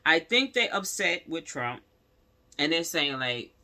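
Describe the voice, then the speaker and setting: Guy w/ ranting to his viewers, high voice, chatty. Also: very animated, unhurried, sharp tone. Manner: talkative, addresses viewers as y'all, growing heated. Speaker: vlogger. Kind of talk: casual commentary to camera.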